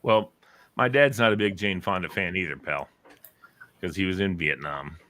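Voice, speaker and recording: Animated man retelling radio bits. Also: low-pitched, normal speed. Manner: animated storyteller, acts out voices. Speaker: show host.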